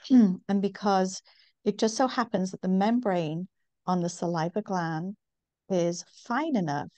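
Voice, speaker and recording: A middle-aged woman from northeast England with a softened northern English accent, explaining things in a measured way with many ums as an interview guest. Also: mid-range voice, no room sound. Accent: northern English, softened by decades in the US. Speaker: guest, women's health company founder. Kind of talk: interview conversation.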